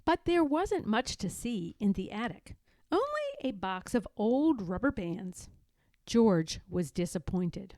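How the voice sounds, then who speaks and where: A woman reading a children's picture book aloud, expressive and giving voices to the dialogue, in a quiet small room. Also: mid-range voice, slow pace, no echo. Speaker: read-aloud narrator.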